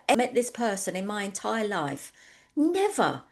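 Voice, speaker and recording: A woman's voice: medium pitch, sing-song, normal speed. Chatty woman coaching online. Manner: conversational, anecdotal, frequent ums. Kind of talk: webinar presentation.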